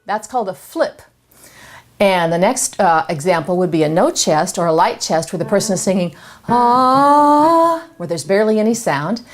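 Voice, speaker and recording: A woman vocal coach, giving a singing lesson with clear, instructive explanations. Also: fairly low pitch, brisk, a little mellow. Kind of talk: singing lesson with sung demonstrations.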